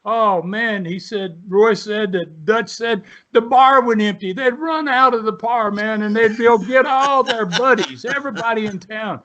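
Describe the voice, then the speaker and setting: A man's voice: sits high, measured pace, hardly any pauses, pushed and bright. A man in his seventies, a guest on the show, telling a long story in a folksy, rambling way with many "you know"s and "right?"s. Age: 70s. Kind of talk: storytelling in an interview. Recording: dull lo-fi.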